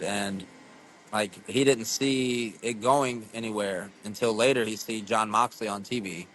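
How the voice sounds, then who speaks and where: A man who wrestles, telling stories as a podcast guest in a rambling, profane, animated way. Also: fairly low pitch, a little slow, a little hiss or hum. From USA. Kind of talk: casual storytelling interview.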